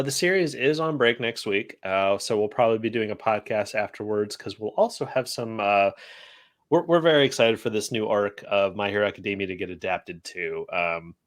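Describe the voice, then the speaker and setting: A man's voice: lowish voice, fairly bright tone. A man hosting a casual podcast chat, rambling with many fillers and restarts. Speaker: podcast host.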